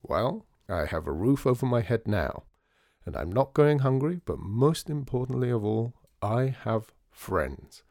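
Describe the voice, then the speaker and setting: A man voicing a charming, smooth-talking showman in a storybook reading, theatrical and persuasive. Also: mid-range voice, very animated, measured pace, darkish tone, dry recording, clean studio sound. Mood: conspiratorial.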